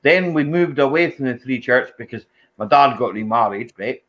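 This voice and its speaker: A man from the Scottish Highlands with a Highland accent, chatting in a relaxed, drawling way and ending his phrases with tag questions. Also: moderate pace, muffled recording. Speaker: co-host. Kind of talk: casual chat.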